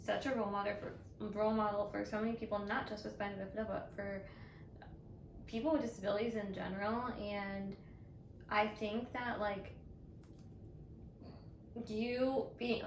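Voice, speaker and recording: A woman's voice: medium pitch, steady tone, moderate pace, pauses often, echoey room, far from the mic, slight background noise, poor audio. A woman co-hosting a casual chat, earnest and supportive, reflecting at length with many fillers. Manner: earnest, supportive, talks in long reflective runs. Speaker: co-host.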